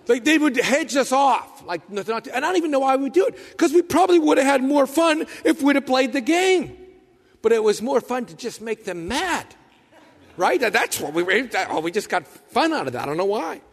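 A man preaching a sermon, telling stories with lively asides and acting out the voices of the people he quotes. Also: very high voice, fairly quick, breathy edge, in a large hall. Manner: animated storyteller, acts out quoted voices. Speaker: pastor.

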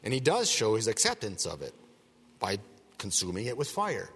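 A man's voice: lowish voice, huge pitch swings, moderate pace, fairly bright tone, breathy edge. Guy doing a chatty bible teaching, wanders off on side stories, keeps asking right?, lots of hall reverb. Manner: conversational and digressive, with rhetorical "right?" asides.

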